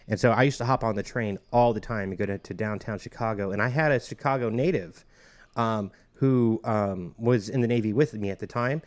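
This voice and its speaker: A man co-hosting a casual food podcast, chatty and explanatory, often running through lists of places. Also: lowish voice. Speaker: podcast co-host.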